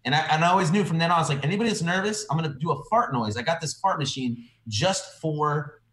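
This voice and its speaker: A man telling stories in a casual podcast chat, animated and swearing freely. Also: fairly high pitch, quick pace, reverberant. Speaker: director guest.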